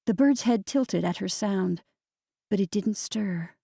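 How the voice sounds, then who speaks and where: A woman reading a novel aloud at a middling pitch, gentle and measured. Her voice is recorded close and dry, with no room sound. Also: creaky, slightly rough, no room sound. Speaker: audiobook narrator. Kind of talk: scripted narration.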